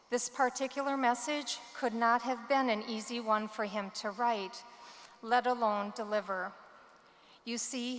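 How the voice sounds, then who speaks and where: Woman, commencement speaker; slightly high, earnest and measured, big echoing hall. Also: a bit bright. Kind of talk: prepared commencement speech. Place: large hall. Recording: long hall reverb.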